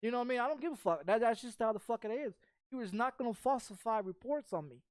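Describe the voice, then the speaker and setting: A woman's voice: fairly high pitch, animated, fast talker, no echo, studio quality. A woman game streamer telling a story as a heated, profane rant, swearing constantly and sounding confrontational, on a desk mic.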